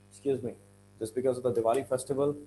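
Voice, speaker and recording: A man from India teaching exam English, tagging "right?" onto points and clearing his throat now and then. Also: medium pitch, warm tone, slight background noise, poor audio. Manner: repeats "right?" often, clears throat, stresses words slowly. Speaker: IELTS teacher. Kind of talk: classroom-style explanation.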